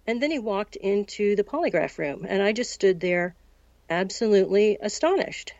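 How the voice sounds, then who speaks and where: A woman in her sixties from the United States, recounting a personal story as an interview guest in a measured way and acting out the dialogue. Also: mid-range voice, darkish tone, no room sound. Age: 60s. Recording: dull, lo-fi recording.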